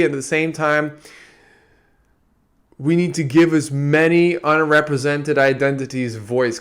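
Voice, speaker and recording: A man's voice: a little high, smooth. A man from Antigua with an American-tinged accent, talking through his ideas in a meandering, reflective podcast monologue. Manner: meandering, restarts often. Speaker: podcast host.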